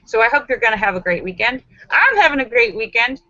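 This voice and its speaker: Bright, chatty woman hosting a livestream. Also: on the high side, expressive, fast, dry recording, dull audio. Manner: chatty, laughs often, acts out quoted voices. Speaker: live-stream host. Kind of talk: casual live chat telling jokes.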